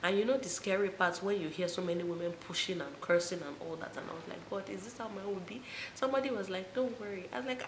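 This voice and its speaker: A young woman, telling a personal story to her viewers in a casual, animated way. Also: fast talker. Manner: animated retelling, voices rising high for quoted moments. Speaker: vlogger. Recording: echoey room with faint noise.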